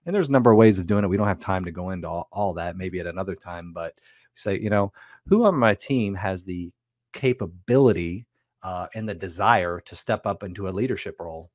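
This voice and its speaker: Low-voiced man coaching in a dry room. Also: a little fast, no room sound. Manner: reflective, restarts often, coaching tone. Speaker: podcast co-host. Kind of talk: casual business chat.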